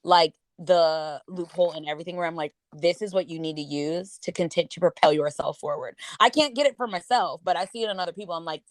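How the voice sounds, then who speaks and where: A woman's voice: on the low side, quick pace, hardly any pauses, no echo. Brief: woman co-host, self-mocking storyteller, dry close mic. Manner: self-mocking, lively storyteller, swears when joking. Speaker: podcast co-host. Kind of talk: casual chat.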